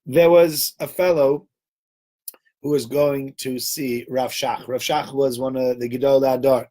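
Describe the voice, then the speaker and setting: A rabbi giving a weekly Torah talk, telling a story in an animated way and acting out the characters' voices. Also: male voice, mid-range voice, a little slow. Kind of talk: storytelling sermon.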